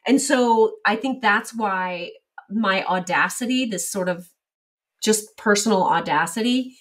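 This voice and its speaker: A middle-aged woman speaking as an interview guest, telling lively stories and acting out quoted exchanges. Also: mid-range voice, unhurried, recorded from a distance. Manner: animated storyteller, acts out quoted exchanges. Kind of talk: casual interview storytelling.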